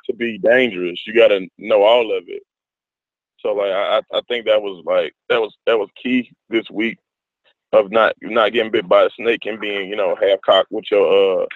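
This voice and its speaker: A man in casual group discussion, talking haltingly with many restarts and fillers. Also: lowish voice, dry recording. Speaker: discussion participant. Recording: dry, phone-like audio.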